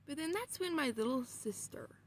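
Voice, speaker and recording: A woman vlogger telling a story in casual, excitable talk, swearing often. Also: high-pitched, moderate pace, a little hiss or hum.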